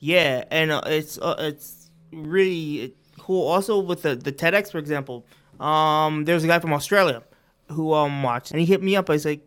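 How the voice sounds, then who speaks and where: A man's voice: a little high, normal speed, a bit bright, clear, resonant tone. A young man co-hosting a casual podcast chat, talking hesitantly with lots of fillers. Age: young adult. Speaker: podcast co-host.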